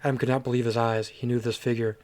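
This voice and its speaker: A man's voice: mid-range voice, flat delivery, quick pace, darkish tone. A man reading a story game aloud and commenting on it with amused asides. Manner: amused, reads with chuckles and asides. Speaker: gaming channel host.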